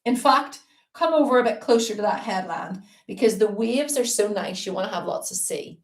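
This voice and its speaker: A woman's voice: mid-range voice, animated, moderate pace. A woman teaching a live-streamed painting lesson, chatty and upbeat as she greets viewers between steps. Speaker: art teacher. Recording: roomy echo.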